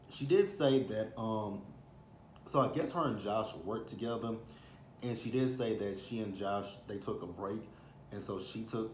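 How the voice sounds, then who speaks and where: A man's voice: on the low side, slight background noise. A man in his thirties with a Texan accent, chatting casually as he recaps a reality TV episode and acts out what people said. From Texas. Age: 30s. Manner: chatty, animated, acts out quotes. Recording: roomy echo, faint ambience.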